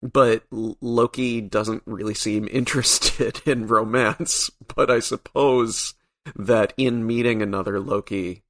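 A man's voice: lowish voice, fairly even intonation, takes it slowly, a bit bright. A man being interviewed as a comic book writer, speaking thoughtfully with a dry, wry sense of humor. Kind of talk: casual podcast interview.

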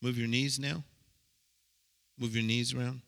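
A male preacher giving an excitable sermon to a live audience, stammering and repeating himself and shouting to the crowd. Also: mid-range voice, a little slow, creaky.

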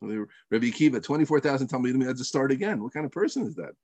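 A man's voice: mid-range voice, quick pace, no echo. A man teaching a religious text lesson, telling the story with rhetorical questions and asides. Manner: animated storytelling, rhetorical questions, trailing off softly.

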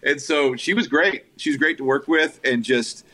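A man's voice: fairly high pitch, normal speed. A man, a filmmaker guest, telling stories in a casual interview, full of fillers and quoted voices. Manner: animated anecdotes with quoted voices, frequent fillers.

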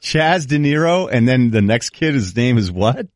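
A male talk show host chats loosely with his guest in a casual, joking conversation. He is easygoing and tends to trail off and restart, his mid-range voice expressive and at normal speed. There is no room sound.

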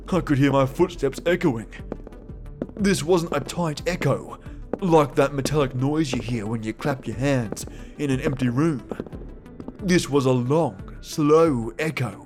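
A man narrating a first-person horror story in a tense, frightened way, with sudden shouted cries. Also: fairly high pitch.

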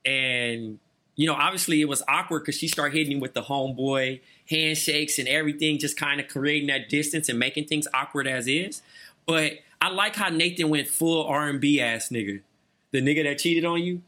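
A man co-hosting a podcast, recapping a TV episode in slangy, animated casual chat. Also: on the high side, normal speed. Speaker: podcast co-host.

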